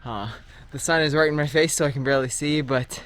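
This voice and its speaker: A man's voice: a little high, steady tone, brisk, a bit bright. A young man chatting casually into a handheld camera while out jogging on the road, with wind and passing traffic around him. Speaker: vlogger training for a marathon. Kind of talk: casual running vlog. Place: outdoors on roads while running. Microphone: handheld camera while running. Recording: faint outdoor noise with wind.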